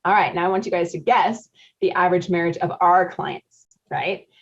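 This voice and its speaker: In dull lo-fi audio, a marriage coach in her forties runs a live webinar, speaking at normal speed in a lowish voice. She chats, laughs a lot, and quizzes the audience.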